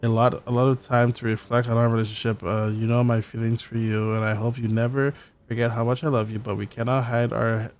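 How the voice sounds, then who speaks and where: A man playing a story game, reading in-game letters aloud in a halting way, with stumbles, restarts and wry swearing asides. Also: medium pitch, level tone. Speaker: gameplay streamer.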